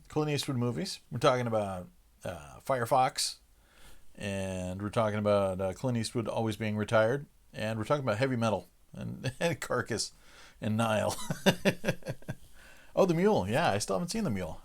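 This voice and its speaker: A man hosting a livestream, chatting casually with viewers and chuckling between loose, filler-heavy sentences. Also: on the low side. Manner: relaxed, chuckling, lots of "uh" fillers. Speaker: livestream host. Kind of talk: casual chat with live chat viewers.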